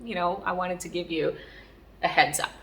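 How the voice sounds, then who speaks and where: Woman quoting a gentle spirit guide. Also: lowish voice, steady tone, moderate pace. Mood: calm reassuring. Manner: soft and reassuring.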